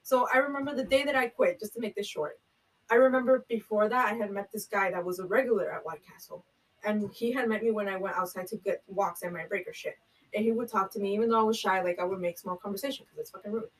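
A woman's voice: mid-range voice, quick pace, distant mic, poor audio. A young woman telling a job story in casual chat, rambling with lots of fillers and swearing. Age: young adult. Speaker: podcast co-host.

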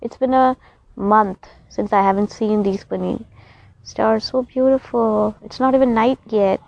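A woman's voice: a little high, steady tone, a little slow, creaky, no room sound. A young woman vlogging in a rambling, chatty, emotional way. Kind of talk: casual chat to camera. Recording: slightly dull recording.

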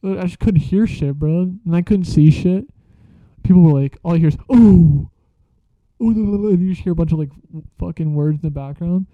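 A man's voice: on the high side, a little fast, no room sound. A young man casually telling a story from school, slangy and profane, laughing as he goes. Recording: dull lo-fi sound.

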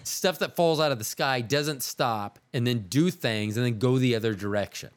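A male podcast host telling a story in a casual, animated way, with some swearing. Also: medium pitch, normal speed, clean tone. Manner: animated, profane, laid-back.

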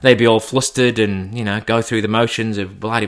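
A man's voice: fairly low pitch, steady tone, fairly quick. A man telling a cheeky anecdote casually, swearing and acting out the dialogue. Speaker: storyteller.

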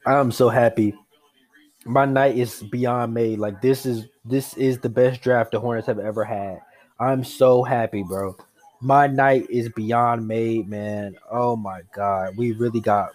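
A young man reacting live as a sports fan, excitable and repeating himself in his joy. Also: mid-range voice, takes it slowly. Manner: excitable, repetitive, breathless with joy.

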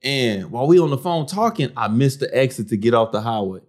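A man of middle pitch spins a story at an easy pace. His delivery is laid-back and slangy, full of "bro" and "man". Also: expressive, a little fast, darkish tone. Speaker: podcast co-host. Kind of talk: casual storytelling.

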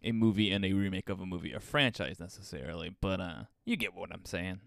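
A man co-hosting a casual podcast, playful and quick to laugh. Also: low voice, creaky, a bit bright, no echo. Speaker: podcast co-host. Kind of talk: casual chat.

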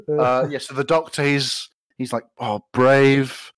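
A man telling silly jokes in casual podcast chat, halting with lots of restarts. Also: mid-range voice, fairly even intonation, fairly bright tone, no room sound.

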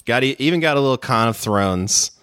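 A man's voice: medium pitch, animated, fairly quick, fairly bright tone, clear, resonant tone, dry recording, studio quality. A man co-hosting a podcast in casual chat, easygoing and wry, stretching out his phrases. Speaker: podcast co-host.

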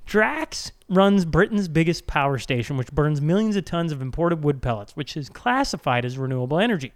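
Animated higher-voiced man ranting. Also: brisk. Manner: animated, mock-exasperated, swearing. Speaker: podcast co-host. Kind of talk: casual chat.

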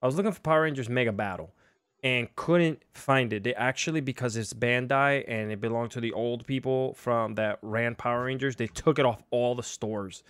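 A man's voice: mid-range voice, normal speed, fairly bright tone, clear, resonant tone, dry recording, studio quality. A young man hosting a casual livestream, chatty and self-deprecating, with lots of fillers. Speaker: livestream host.

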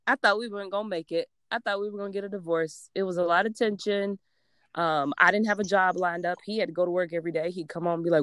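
A woman's voice: lowish voice, brisk, dry recording, studio quality. A young woman from Georgia co-hosting a podcast, speaking in an earnest, motivational way in casual chat. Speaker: podcast co-host.

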